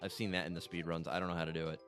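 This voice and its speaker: Low-voiced rambling gamer man. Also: very fast. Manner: rambling, excitable storyteller who swears freely. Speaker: gaming channel co-host, playing the game. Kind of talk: casual let's-play chat. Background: game music.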